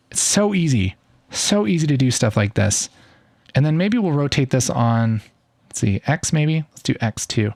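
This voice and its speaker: A man in his thirties walking through a software tutorial in a casual, upbeat and enthusiastic way. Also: medium pitch, gravelly, no echo, clean studio sound. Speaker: video editing tutor. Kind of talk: casual screen-recorded tutorial.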